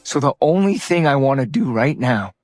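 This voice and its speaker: An actor playing a guilty young superhero. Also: male voice, mid-range voice, lively intonation, moderate pace, dry recording, studio quality, lightly acted. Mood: anguished.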